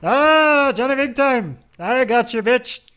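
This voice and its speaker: A man doing an exaggerated mock-German accent for a loud, theatrical hammy character during a game stream. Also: very high-pitched, lively intonation, slow pace, clear, resonant tone, voice pushed up, exaggerated voice. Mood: gloating.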